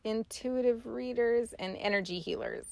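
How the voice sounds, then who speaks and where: A woman's voice: fairly high pitch, moderate pace, gravelly, dry recording. A woman co-hosting a podcast in casual chat, telling stories with quoted dialogue. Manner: animated storytelling with quoted dialogue. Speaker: podcast co-host.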